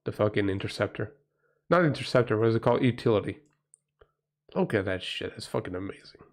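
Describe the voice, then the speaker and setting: A man's voice: fairly low pitch, fast, gravelly. A man from Portugal with a Portuguese accent, a livestream host in a rambling, profane, casual chat who often breaks into exclamations.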